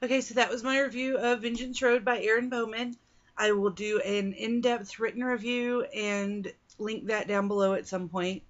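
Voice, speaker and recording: A woman's voice: on the high side, steady tone, normal speed. Chatty young woman reviewing books. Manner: chatty and rambling, with many fillers and restarts. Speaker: book reviewer. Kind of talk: casual book review vlog. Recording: dull lo-fi sound.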